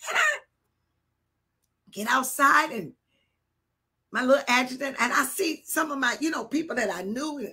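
An older woman bishop preaching a live sermon, telling a personal story with animated swings between hushed and shouted delivery. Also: sits high, moderate pace, pauses often, breathy edge.

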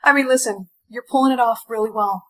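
A woman's voice: fairly high pitch, fast, natural voice, low-quality recording. A woman playing a sassy feisty young woman. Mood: playful. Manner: snappy, sarcastic comebacks. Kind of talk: TikTok POV skit acting.

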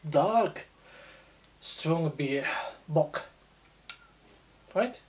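During a casual beer tasting, a low-pitched woman gives an unhurried review, describing what she notices. Her speech is slow and halting, with frequent pauses and lots of little filler hesitations.

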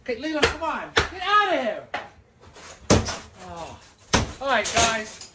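A woman parent filming a chaotic home vlog, yelling at her kids in exasperation. Her pitch swings wildly as she shouts. Loud noise fills the home recording. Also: big pitch swings, takes it slowly. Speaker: parent vlogger. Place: home bathroom.

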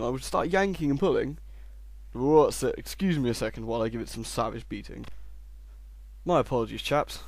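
A young man giving sarcastic gameplay commentary and shouting insults at the game. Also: medium pitch, expressive, fairly quick, creaky, no echo. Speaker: let's play host.

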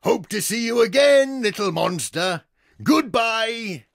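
A man voicing a kindly, grateful king in a children's learning game, speaking slowly and courteously. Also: very high-pitched, expressive, creaky, a bit bright, voice pushed up, exaggerated voice.

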